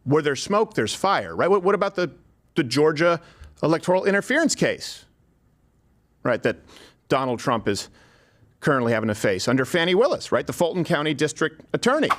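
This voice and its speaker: A man's voice: a little high, very animated, a little fast, a bit bright. A man hosting a commentary show, speaking emphatically and rhetorically straight to his viewers. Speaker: commentary host. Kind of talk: scripted political commentary.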